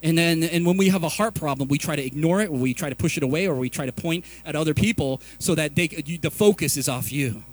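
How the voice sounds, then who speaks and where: A middle-aged man preaching a sermon in an animated, confessional way, telling stories and restarting often. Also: fairly high pitch, quick pace, hardly any pauses. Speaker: pastor.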